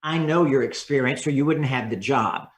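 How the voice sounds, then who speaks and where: In a podcast interview, a male communication coach speaks expressively, acting out various tones of voice. His pitch is medium and his pace moderate, and the room is echoey.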